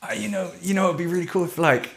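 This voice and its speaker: A man's voice: high-pitched, fast talker, vocal fry, a bit bright, pitched above the performer's own voice. A man putting on a to voice a carefree, chain-smoking male shop owner.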